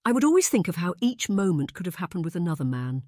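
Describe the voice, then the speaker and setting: A wistful young noblewoman pining for a lost love, read by an audiobook narrator. She speaks in hushed, tired tones, close and dry, with a mid-range voice. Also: mid-range voice, sing-song, fast talker, no room sound, pitched above the performer's own voice, close to an everyday voice. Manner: hushed, resigned delivery. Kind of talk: audiobook character reading.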